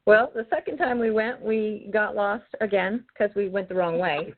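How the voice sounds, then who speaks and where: A paranormal investigator from Arizona tells a story in a casual interview, rambling with many ums and restarts. Her mid-range voice keeps a moderate pace, coming over a tinny, phone-like call line from a remote mic she drifts away from.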